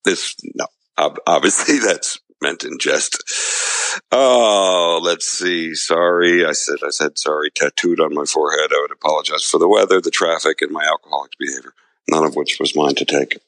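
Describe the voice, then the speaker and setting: A man with a very low, gravelly voice co-hosts a podcast in casual conversation. He rambles through stories and laughs often. The sound is close and dry. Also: moderate pace, fairly bright tone, no echo, poor audio. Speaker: podcast co-host. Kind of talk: casual chat.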